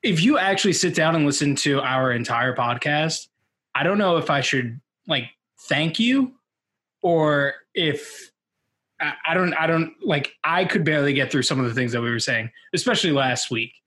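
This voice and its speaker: A young man co-hosts a casual podcast with a slightly high voice. He rambles, stops and restarts his thoughts, and laughs along as he talks. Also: expressive, normal speed, fairly bright tone. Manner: rambling, hesitant, laughs often. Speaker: podcast co-host.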